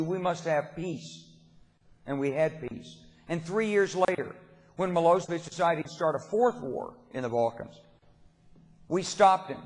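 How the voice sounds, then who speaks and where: An older man giving a keynote speech at a political dinner, telling stories with emphasis and folksy humor. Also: fairly high pitch. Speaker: keynote speaker. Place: banquet hall at a dinner event. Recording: long reverb of a large hall.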